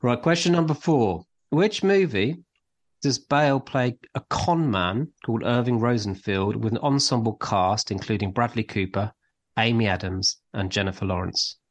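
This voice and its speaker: A man's voice: mid-range voice, moderate pace. A man co-hosting a casual podcast, chatting about TV and running a light quiz in a rambling, teasing way. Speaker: podcast co-host.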